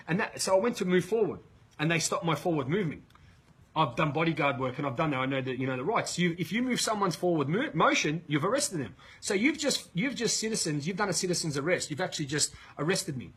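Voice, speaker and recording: A man with an Australian accent, a leadership coach telling a story in a live webinar, energetic and swearing as he retells it. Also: a little high, quick pace, breathy edge, poor audio.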